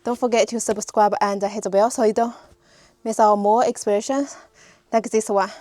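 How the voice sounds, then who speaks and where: A woman's voice: medium pitch, fairly even intonation, moderate pace, dark tone, no echo. A young woman vlogging casually as she hikes through a narrow, humid cliff crack, chatting to viewers as she walks. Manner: chatty, talks to viewers while walking. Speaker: hiking vlogger. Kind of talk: casual vlog narration while hiking.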